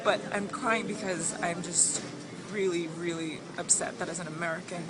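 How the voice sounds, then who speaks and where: A crying woman telling of a pat-down in halting, emotional sentences, recorded amateur style. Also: lowish voice, steady tone, loud music behind the voice, over a noisy crowd. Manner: emotional, halting, repeating herself. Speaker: traveler describing a pat-down. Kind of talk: tearful personal account.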